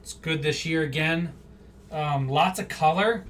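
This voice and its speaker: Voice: medium pitch, unhurried, a bit bright. Card-break host, casual rambling live chatter, slightly distant mic, faint background hum. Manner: rambling, off-the-cuff, chatty asides. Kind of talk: casual live-stream chatter while opening packs.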